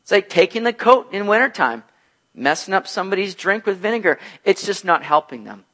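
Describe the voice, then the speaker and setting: Animated, high-voiced male preacher. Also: a little fast. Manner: lively, acts out bubbly and gloomy voices in his examples. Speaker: pastor. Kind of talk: expository sermon, casual and animated.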